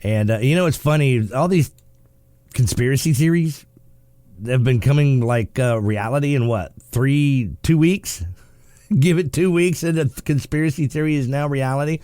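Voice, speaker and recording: A man hosts a talk radio show from the studio, joking and sarcastic as he reads the news. His voice sits at an ordinary middle pitch. The sound is dry and close. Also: moderate pace, dark tone, no echo. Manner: joking and sarcastic, laughs often. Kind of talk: casual talk radio commentary.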